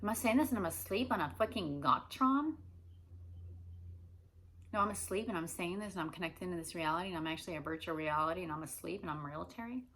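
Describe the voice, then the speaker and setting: A woman's voice: lowish voice, lively intonation, quick pace, a bit bright. A woman talking alone in a rambling monologue, stringing run-on questions together with heavy swearing.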